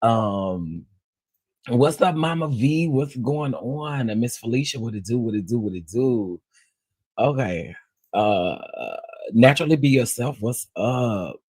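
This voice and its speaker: Man, livestream host, AAVE speech, husky, dry close sound, playful chat. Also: mid-range voice, measured pace, dry recording. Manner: animated, greets viewers one by one, playful.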